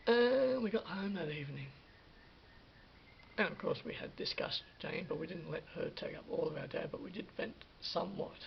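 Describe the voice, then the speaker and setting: A man casually recounting a story for a vlog, animated, restarting his sentences and acting out what people said. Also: a little high, normal speed, gravelly. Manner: animated retelling with acted-out quotes and many restarts. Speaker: vlogger. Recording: dull lo-fi sound with faint hiss.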